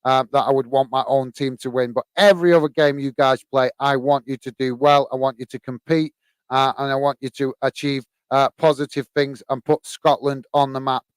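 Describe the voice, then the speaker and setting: An Englishman hosts a live football stream, reading fan comments aloud with plenty of fillers and friendly replies of "mate." His voice sits at a medium pitch with a level tone, and he talks briskly and smoothly. The recording is dry.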